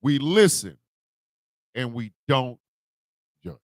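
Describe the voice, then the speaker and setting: A man hosting a morning radio show, telling comic confessions with put-on voices and loud, laughing bursts. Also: mid-range voice, slow, no echo. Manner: animated storytelling with put-on voices. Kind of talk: comedic radio monologue.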